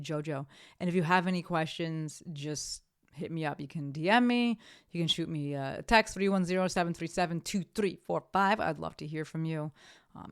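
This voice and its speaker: Here a woman with a fairly low pitch and clean tone runs her solo podcast in a casual, upbeat style. She often revises what she's saying mid-sentence and wraps up brightly, all in a dry, studio-quality recording.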